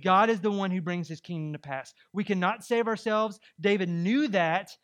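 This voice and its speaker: A male pastor preaching a sermon in a conversational, animated way, full of rhetorical questions to the congregation. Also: high-pitched, moderate pace.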